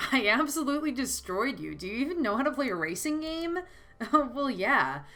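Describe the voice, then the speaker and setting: A woman voicing a playful young friend in a game, teasing in a bouncy, bright voice. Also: high voice, sing-song, moderate pace, faint music behind, pitched above the performer's own voice, full character voice.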